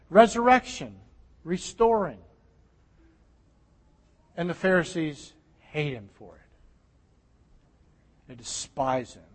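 High-voiced preaching man in a reverberant hall. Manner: animated, emphatic preaching with sudden drops to near-whisper. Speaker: pastor. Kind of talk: sermon.

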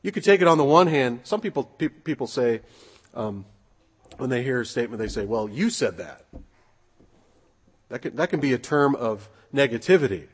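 A man's voice: medium pitch, expressive, fairly quick. A man preaching an earnest sermon, reading scripture and asking rhetorical questions.

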